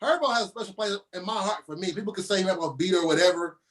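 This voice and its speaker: A man's voice: high-pitched, very fast, a bit bright. A man talking as a podcast guest in casual chat, emphatic and slangy, repeating his phrases for weight.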